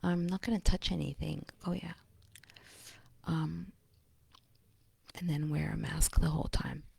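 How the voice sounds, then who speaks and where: A woman with a low voice full of gravelly fry talks slowly in a rambling vlog. She often slips into a husky, breathy whisper and speaks bluntly. The sound is close and dry, with no room echo. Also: steady tone, darkish tone. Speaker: vlogger. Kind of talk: casual rambling monologue.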